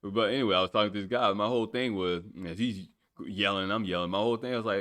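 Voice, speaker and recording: Male solo podcast host, very low voice, loose rambling delivery with casual swearing. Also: steady tone, quick pace, hardly any pauses, a bit bright.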